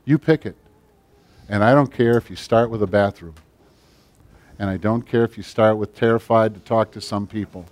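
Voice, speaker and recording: A man's voice: on the low side, moderate pace, long pauses. Emphatic man preaching a sermon. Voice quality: big build, speaks plainly. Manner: emphatic preaching that swings from loud to hushed. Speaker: pastor. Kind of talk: sermon with closing prayer.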